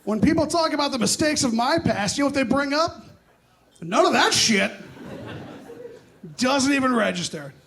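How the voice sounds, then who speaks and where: On a comedy club stage, a young male stand-up with a high voice performs a set that is animated, punchy, loud and self-deprecating. He talks at normal speed with frequent pauses, and the live audience can be heard laughing.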